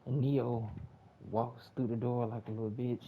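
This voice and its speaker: A man's voice: medium pitch, level tone, normal speed. A man giving a profane, repetitive, exasperated casual movie review rant in a lo-fi home recording. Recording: dull lo-fi with faint hiss.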